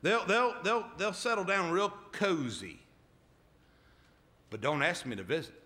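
Bright-voiced preacher man. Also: high voice, very animated, unhurried. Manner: emphatic call-and-response, repeated "amen?". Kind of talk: sermon.

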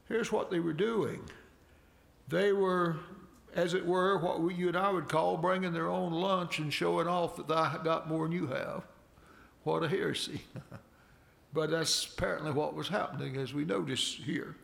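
A man's voice: on the high side, normal speed, gravelly, a bit bright. A man preaching a sermon as pastor, reading scripture aloud in a folksy, conversational way and stressing key words.

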